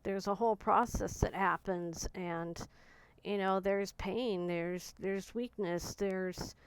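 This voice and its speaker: A woman in her forties with a smooth, resonant voice speaks in a personal reflective monologue. She talks softly and searchingly, often stopping to restart a thought. The sound is close and dry, with no room echo. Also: medium pitch, fairly even intonation. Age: 40s. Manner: soft, searching, halting speech with frequent restarts. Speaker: vlogger.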